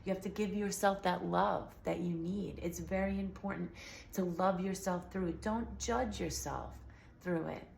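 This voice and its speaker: A woman's voice: fairly low pitch, a little slow, vocal fry, darkish tone. Woman vlogger, casual and rambling, slightly sore voice; echoey room, faint background hiss. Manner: earnest, rambling, many fillers. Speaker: healing vlogger. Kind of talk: casual talk to camera.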